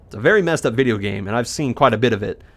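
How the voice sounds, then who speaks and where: Lively joking man gaming commentator. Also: mid-range voice. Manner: rambling, joking, talks fast in bursts. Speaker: gaming video host. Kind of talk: casual let's-play commentary.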